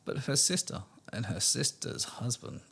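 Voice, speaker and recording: A man's voice: medium pitch, huge pitch swings, moderate pace, vocal fry, fairly bright tone, slightly rough. A man co-hosting a podcast in casual chat, blunt, crude and joking. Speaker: podcast co-host.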